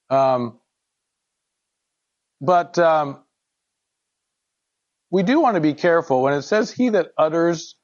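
A man's voice: mid-range voice, highs cut off. A man leading a casual Bible study discussion, talking in a thoughtful, conversational way with frequent fillers and restarts.

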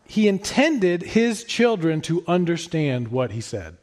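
A man preaching a sermon in an earnest, emphatic way, rising to stress his points and then dropping soft. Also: on the high side, very animated, a little slow. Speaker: pastor.

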